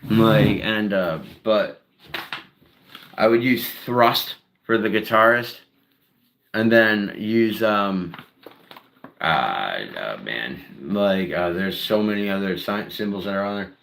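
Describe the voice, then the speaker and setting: A man's voice: fairly low pitch, animated, slow pace, gravelly, fairly bright tone. A man chatting casually on a solo live stream, rambling and heavy on fillers. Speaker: streamer and singer-songwriter.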